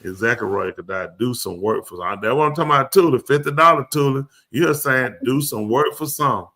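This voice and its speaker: A man's voice: mid-range voice, a little fast, sharp tone. A man hosting a live comedy show, riffing loosely and acting out both sides of a conversation in slang for the audience. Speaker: comedic talk show host.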